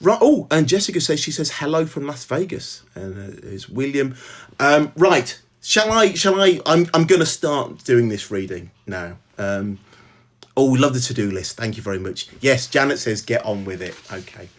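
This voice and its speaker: A middle-aged man with a Brummie accent chats casually into his laptop at home, in a voice of middle pitch. His speech halts often, full of ums, restarts and friendly greetings to viewers by name. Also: sing-song. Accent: Birmingham. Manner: halting, filler-heavy, greets viewers by name. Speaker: author hosting a live stream. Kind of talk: casual live-stream chat.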